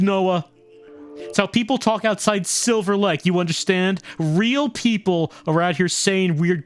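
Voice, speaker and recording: A small, energetic film director, pompous and brash, who insults everyone on set, as a streamer puts him on. He talks in an unhurried drawl. Soft game music plays quietly underneath. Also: mid-range voice, voice pushed up, natural voice.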